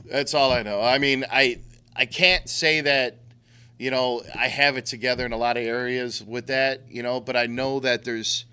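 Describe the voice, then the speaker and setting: A man's voice: medium pitch, fairly even intonation, moderate pace, sharp tone, clear, resonant tone. A middle-aged man giving a blunt, profane talk to a recovery group, using street slang and acting out quotes. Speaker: recovery speaker.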